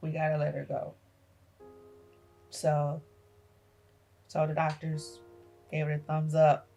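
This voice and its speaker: A middle-aged woman, a grandmother, telling a painful personal story as a podcast guest, halting and emotional, repeating her phrases. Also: deep voice, monotone, creaky, mellow, faint music behind.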